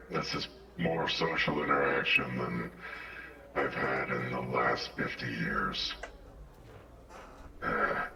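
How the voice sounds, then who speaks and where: Super deep gravelly loner adventurer, curt and withdrawn, echoey and noisy like he's far off. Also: heavily acted. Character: gruff reclusive antisocial male adventurer. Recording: echoey, distant, loud background noise.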